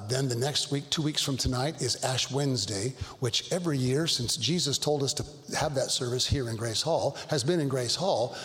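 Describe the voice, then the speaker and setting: A middle-aged male pastor telling stories in a Bible study, earnest and halting, with frequent restarts. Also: medium pitch. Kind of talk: Bible study talk, storytelling. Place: church hall. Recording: long hall reverb.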